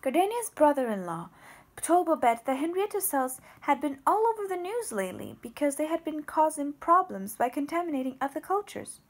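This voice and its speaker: A woman's voice: high-pitched, big pitch swings, a little fast. A woman narrating an audiobook, reading expressively and voicing the characters. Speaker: audiobook reader.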